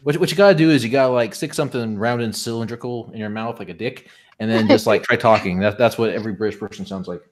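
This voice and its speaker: Crude, teasing man with a lower voice. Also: fast. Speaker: podcast panelist. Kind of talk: casual group chat over voice call.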